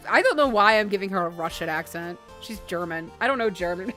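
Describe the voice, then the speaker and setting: A woman's voice: mid-range voice, expressive, brisk, fairly bright tone, faint music behind. A woman streamer chatting casually and bluntly while playing a game, swearing freely.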